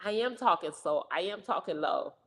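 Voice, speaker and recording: A young woman talking quickly and loudly, full of energy as she co-hosts a casual chat. Her voice rings out with a long hall reverb behind it. She has a mid-range pitch. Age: young adult. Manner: fast, loud, animated talker. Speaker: co-host, stroke survivor.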